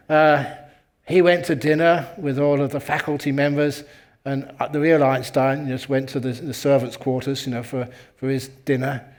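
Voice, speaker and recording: A man who is a Buddhist monk and meditation teacher, telling a humorous story in a talk and chuckling at his own jokes. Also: medium pitch.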